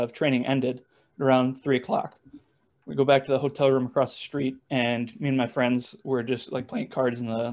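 A young man, a former baseball catcher, telling stories in a relaxed, rambling way with lots of fillers and restarts. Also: medium pitch. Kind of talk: casual storytelling interview.

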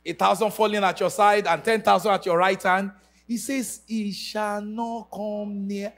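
A man's voice: high voice, little pitch movement, a little slow, a bit bright. A man preaching a sermon to a church congregation, emphatic and sing-song, leading call-and-response. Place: church service.

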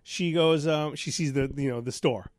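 A man's voice: fairly high pitch, moderate pace, no echo, studio quality. A man telling a rambling story in a casual talk show chat, full of restarts and quoted dialogue. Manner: rambling, animated, many restarts. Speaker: radio show host.

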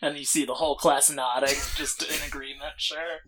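A player in their fifties making wry, quiet asides during a tabletop game. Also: medium pitch, fairly even intonation, normal speed, over music. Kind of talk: casual game play.

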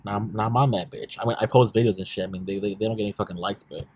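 A man's voice: lowish voice, steady tone, very fast, darkish tone, slightly rough, no room sound. A young man co-hosting a casual podcast, rambling in slang with lots of fillers and swearing. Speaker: podcast co-host.

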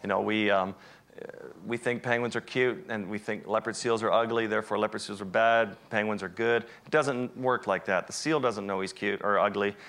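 A wildlife photographer giving an animated, self-deprecating storytelling talk to an audience. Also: male voice, fairly low pitch, moderate pace. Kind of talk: storytelling presentation.

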